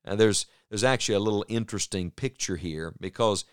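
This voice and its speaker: A man preaching a broadcast sermon in an earnest way, slowing down into emphatic pauses. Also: lowish voice, clean tone, no echo, clean studio sound.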